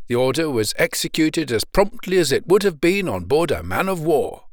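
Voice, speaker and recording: A man narrating a classic novel in a measured, expressive way. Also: mid-range voice, dry recording, clean studio sound. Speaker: audiobook narrator. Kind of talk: scripted narration.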